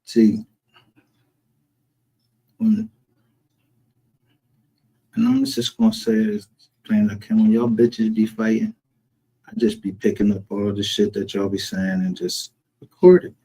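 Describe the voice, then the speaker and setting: A man holds forth on a casual livestream, his voice husky and a little rough. He talks in a profane, heated, rambling way, jumping from one callout to the next with a confrontational edge. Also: lowish voice, animated, slow, pauses often, dark tone, low-quality recording. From northern United States. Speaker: streamer. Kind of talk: casual ranting livestream commentary. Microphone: home streaming setup.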